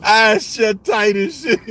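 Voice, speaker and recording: Middle-aged guy on a live stream, talks slow, cusses and cracks up a lot, riding in a car. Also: sits high, sharp tone. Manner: laughs often, slangy and profane. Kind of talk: casual live-stream chat.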